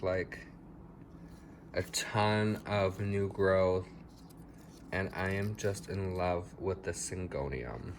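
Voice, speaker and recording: A man's voice: on the low side, slight background noise. A man chatting casually through a house plant tour in his home, a little dramatic about how his plants are doing. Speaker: plant vlogger.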